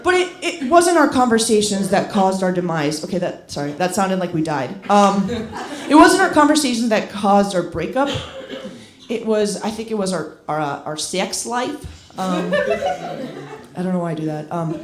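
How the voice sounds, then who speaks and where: A woman's voice: mid-range voice, very animated, normal speed. Rambling, profane woman doing stand-up. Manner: rambling, self-deprecating, profane, with rising exclamations in acted asides. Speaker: stand-up comedian. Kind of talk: stand-up comedy set. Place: comedy club stage with a laughing audience. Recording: roomy club sound with crowd laughter.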